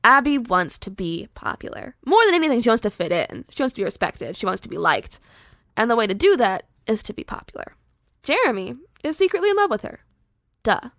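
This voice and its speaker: A young woman podcast host casually pitching a horror story, chatty and animated with lots of filler words. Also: fairly quick, no room sound, studio quality.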